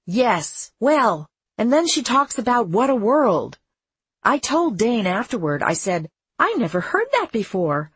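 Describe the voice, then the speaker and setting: A woman's voice: on the high side, sing-song, a little slow, a bit bright, slightly rough, no echo, pitched above the performer's own voice, exaggerated voice. A woman narrator voicing a cheerful, tender-hearted young woman who speaks in an earnest, gushing way.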